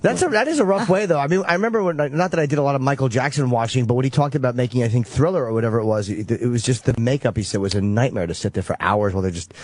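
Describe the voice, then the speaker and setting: A man's voice: medium pitch, racing, few pauses, a little mellow, no room sound. A male radio show host interviewing a guest in a casual, rambling way, dropping jokes. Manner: rambling, joking, self-aware.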